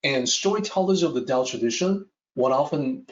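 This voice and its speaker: A man teaching a Taoist text, telling a traditional story in a measured lecture style. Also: mid-range voice, far from the mic, a little hiss or hum. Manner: slow, measured, with lively rises and falls. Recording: echoey room, dull sound.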